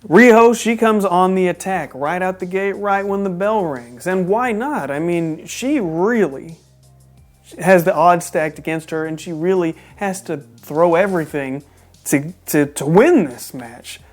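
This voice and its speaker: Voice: medium pitch, unhurried, soft background music. Chatty incredulous wrestling recapper from Texas. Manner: animated and incredulous, with joking asides. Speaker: wrestling show reviewer. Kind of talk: casual recap commentary.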